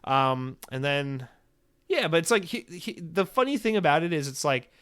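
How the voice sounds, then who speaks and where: A man's voice: fairly high pitch, lively intonation, normal speed, fairly bright tone, clean tone. Sarcastic, swearing male podcast host. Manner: profane, rambling, sarcastic; acts out quoted voices mid-rant. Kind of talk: solo podcast commentary.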